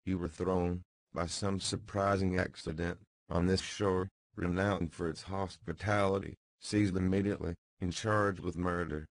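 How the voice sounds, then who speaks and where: A man's voice: low-pitched, fairly even intonation, measured pace, few pauses, no room sound. A man reading as a grave, kindly magistrate. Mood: solicitous. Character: kindly older male magistrate, gentle but grave. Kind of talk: audiobook character reading.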